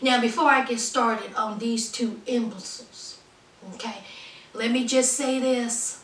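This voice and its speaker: A woman's voice: fairly high pitch, fairly even intonation, unhurried. A woman recapping a reality show in an outspoken, sassy casual commentary, calling her viewers honey and y'all. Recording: roomy echo, distant from mic.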